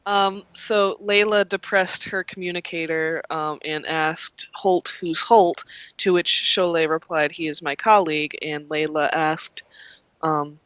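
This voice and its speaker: A young game master narrates a tabletop role-playing game in a slow, rambling way, full of ums and likes. His voice is bright and the recording dry and close. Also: on the high side, fairly even intonation, clean tone, no room sound, highs cut off.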